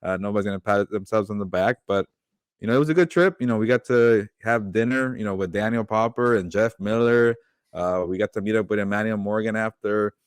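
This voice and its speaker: A man's voice: on the low side, fairly quick, clean tone, no echo. A man co-hosting a sports podcast, ribbing a friend with dry, teasing banter in casual chat. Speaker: podcast co-host.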